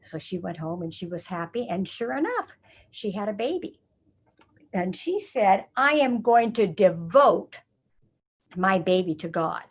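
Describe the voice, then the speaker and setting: An older woman telling a Bible story to children in a lively way, often asking them questions. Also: medium pitch, measured pace, slightly rough. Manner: animated, asks children questions.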